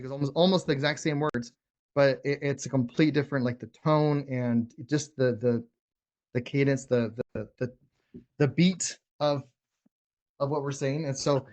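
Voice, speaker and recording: Blunt man coaching with quick restarts. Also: mid-range voice, darkish tone. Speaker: real estate wholesaling coach. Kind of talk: casual teaching talk.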